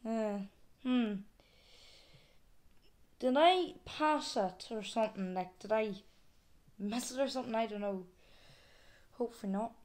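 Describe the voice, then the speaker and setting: A woman's voice: on the high side, unhurried, long pauses, darkish tone. A woman vlogger chatting casually to her viewers, exclaiming and thinking aloud as she goes. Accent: non-American, with regional word "wee". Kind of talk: casual unboxing chat to viewers.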